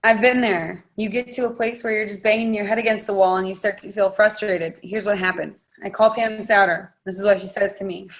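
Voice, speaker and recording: A woman leads a motivational talk over a video call, blunt and frank with plenty of fire behind it. She speaks at an ordinary, middle pitch and coaches her team straight. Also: fairly even intonation, a little fast, hardly any pauses. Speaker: network marketing leader.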